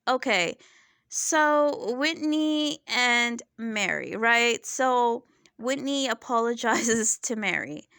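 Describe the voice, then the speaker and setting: A woman's voice: on the high side, a bit bright, no echo, clean studio sound. A young woman giving casual, opinionated commentary in a vlog, chatty and exasperated, with lots of fillers. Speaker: reality TV reviewer.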